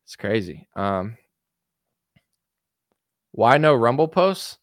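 Male streamer, mid-pitched, rambling casual commentary with many fillers, dry close sound. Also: very animated, slow, no room sound. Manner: rambling, full of fillers and restarts. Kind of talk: casual livestream commentary reading chat.

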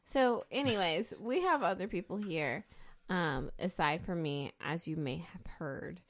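Slow-talking playful woman host. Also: lowish voice. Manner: playful, drawling, laughs between lines. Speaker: podcast host. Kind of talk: casual podcast banter.

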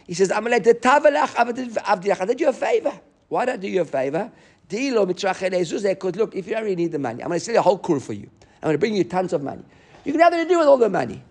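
Quick, high-voiced man teaching Talmud. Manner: fast, animated, mixing Hebrew and Aramaic terms into English. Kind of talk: Talmud class explanation.

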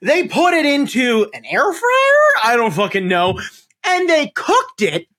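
A man's voice: very high voice, huge pitch swings, a little slow, sharp tone. A man hosting a podcast, ranting theatrically and swearing a lot in casual chat. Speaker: podcast host.

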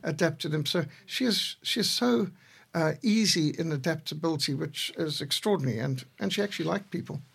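A man in his sixties, co-host of a podcast, telling measured stories with a dry humor. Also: fairly high pitch, creaky, fairly bright tone, husky. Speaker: podcast co-host, missionary leader. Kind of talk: reflective conversation.

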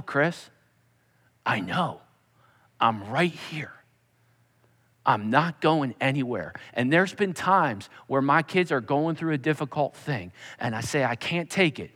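A male pastor preaching a sermon, emphatic, dropping to a soft, intimate tone when he voices God speaking. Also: a little high, long reverb tail.

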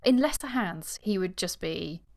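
A book podcast co-host with a low-leaning voice and vocal fry reads at a measured pace, giving a novel passage an expressive performance complete with acted dialogue. She then talks casually and laughs easily.

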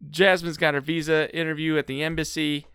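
A man's voice: fairly high pitch, level tone, brisk, a bit bright, clear, resonant tone, no echo, studio quality. A man co-hosting a casual recap podcast, sarcastic and swearing freely as he sums up the episode. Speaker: podcast co-host.

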